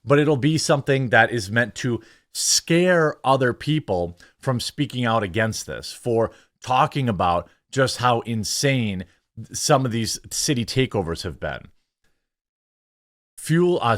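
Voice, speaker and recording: A man hosts a political commentary show, reading news stories aloud and breaking in with sarcastic, opinionated remarks. His voice sits at an ordinary middle pitch. The sound is dry and close, with almost no room around it. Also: a bit bright, no echo. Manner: sarcastic, opinionated asides between quoted passages.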